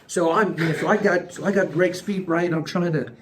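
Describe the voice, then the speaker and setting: A man in his forties hosting a casual podcast chat, telling stories in an animated, slangy way and calling people bro and dude. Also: high-pitched, moderate pace, a loud crowd. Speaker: podcast host.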